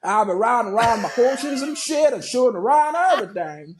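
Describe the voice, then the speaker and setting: A man voicing a boastful Texan cowboy in a mock Texan drawl, shouting and whooping. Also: extremely high pitch, animated, a little fast, background noise, pitched above the performer's own voice. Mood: rowdy.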